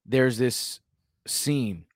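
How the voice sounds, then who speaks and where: A man's voice: mid-range voice, extremely slow, no room sound, studio quality. Slangy, laid-back male podcast co-host. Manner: slangy, loose and rambling. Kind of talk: casual chat.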